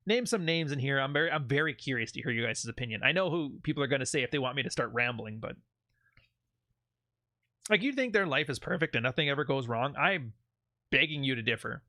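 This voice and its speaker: A man's voice: mid-range voice, lively intonation, brisk, pushed and bright, no room sound, studio quality. A man hosting a channel, giving blunt, profane advice in a casual monologue. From Canada. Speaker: channel host.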